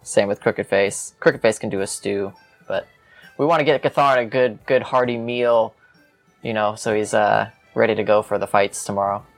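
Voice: medium pitch, fairly even intonation, normal speed, faint music behind. A player chatting about the game, hesitant and full of fillers. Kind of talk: casual tabletop play.

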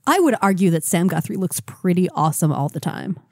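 A woman's voice: fairly low pitch, very animated, darkish tone, dry recording, studio quality. Sardonic woman recapping comics. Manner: quick, sardonic, storytelling. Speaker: podcast co-host. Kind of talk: casual comic-book chat.

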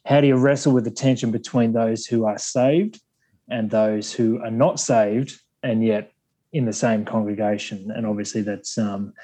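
A man's voice: lowish voice, fairly even intonation, moderate pace, mellow, low-quality recording. A man in his thirties from Australia with an Australian accent, a podcast guest talking thoughtfully with many fillers and restarts. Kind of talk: casual podcast chat.

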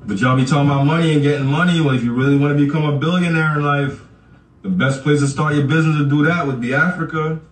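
A man's voice: fairly high pitch, fairly even intonation, fast talker. A man hosting a podcast, ranting casually and profanely straight at his listeners, laughing often as he talks. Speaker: podcast host. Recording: echoey room, far from the mic.

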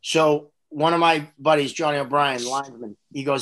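A man's voice: fairly high pitch, steady tone, normal speed, few pauses, fairly bright tone. A man telling casual, profane stories about refereeing hockey as a podcast guest. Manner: profane, laid-back anecdotal storytelling.

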